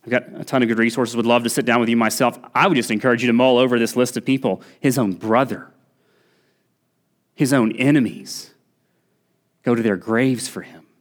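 A man's voice: medium pitch, steady tone, a little fast, pauses often. A man preaching a sermon as pastor in a church, earnest and pressing, lifting his voice on key points. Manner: earnest preaching, rising emphasis on key points, occasional restarts. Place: church sanctuary.

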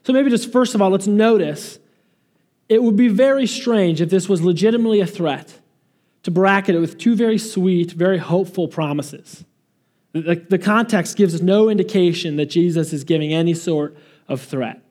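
A man preaching a sermon, earnest and emphatic, slowing down to stress key phrases. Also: high voice, a little mellow. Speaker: pastor.

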